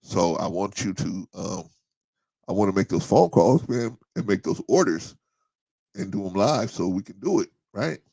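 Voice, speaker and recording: Middle-aged dude chatting on his stream, low gravelly voice, dry close mic, loose and repetitive. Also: lively intonation, moderate pace, mellow, no echo. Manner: laid-back, storytelling, repeats himself, reads out chat comments. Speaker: livestream host. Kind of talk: casual live-stream chat.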